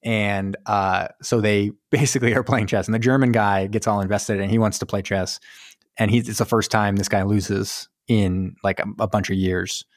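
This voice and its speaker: A man's voice: fairly low pitch, fairly even intonation, normal speed, no room sound, studio quality. A man co-hosting a casual movie recap chat, rambling and joking as he acts out the characters' lines. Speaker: podcast co-host.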